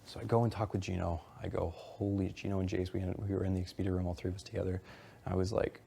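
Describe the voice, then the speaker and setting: Low gravelly young man, heated retelling. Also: flat delivery, fast talker, mellow, a little hiss or hum. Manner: rambling, heated retelling with quoted dialogue and swearing. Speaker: reality show houseguest. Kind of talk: casual one-on-one conversation.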